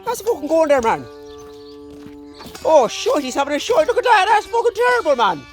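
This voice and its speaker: A man's voice: very high voice, sing-song, fairly quick, faint music behind, pitched above the performer's own voice. A man voicing a crude, cocky male farm dog in a put-on Irish accent, swearing and dismissive. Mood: disgusted. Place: outdoors on a farm.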